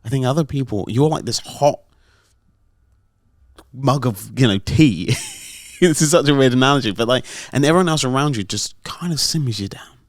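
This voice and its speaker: A man's voice: mid-range voice, animated, normal speed, no room sound, studio quality. A middle-aged man chatting on a podcast, telling rambling stories full of fillers. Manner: rambling, storytelling with many fillers. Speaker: podcast host. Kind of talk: casual podcast chat.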